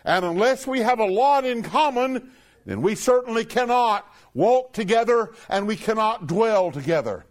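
Speaking expressively in a high register, a preacher addresses the brethren before him and lingers slowly over each line of scripture he quotes.

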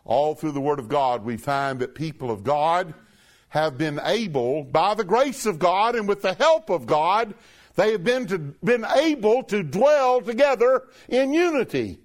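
A man preaching a sermon to a congregation, calling them brethren and drawing out quoted scripture slowly. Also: sits high, lively intonation.

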